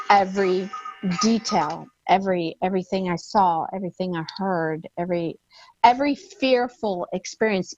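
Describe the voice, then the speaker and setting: A woman guest telling a personal story, emotional and halting, often repeating her words. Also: fairly low pitch. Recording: dull lo-fi sound.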